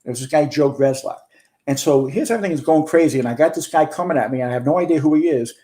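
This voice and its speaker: Older man with a mellow, warm voice. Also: a little high, fast. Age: 60s. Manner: earnest storyteller, relives events in detail. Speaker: guest, retired fire chief. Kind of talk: recounting a firefight in a podcast interview.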